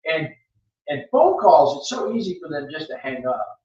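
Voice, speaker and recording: A man with a somewhat high voice tells a story in a blunt, emphatic way, often restarting his sentences. He sits back from the microphone, so the voice sounds distant and roomy. The sound is a bit dull. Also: very animated, normal speed, dark tone. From Florida. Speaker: podcast host. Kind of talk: casual storytelling chat. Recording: echoey room, off-mic, dull sound.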